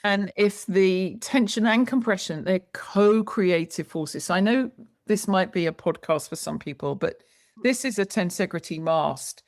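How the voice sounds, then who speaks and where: A woman guest educator in conversation, telling stories in a lively, expressive way. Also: mid-range voice, unhurried. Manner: lively, expressive, acts out quoted lines. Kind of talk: animated storytelling in conversation.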